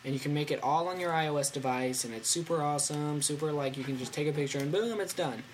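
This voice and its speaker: Teen guy rambling about tech on his podcast, excitable, bit of hiss behind him. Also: fairly high pitch, fast. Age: teens. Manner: rambling and excitable, with lots of fillers and animated asides. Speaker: podcast host. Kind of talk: casual tech podcast chat.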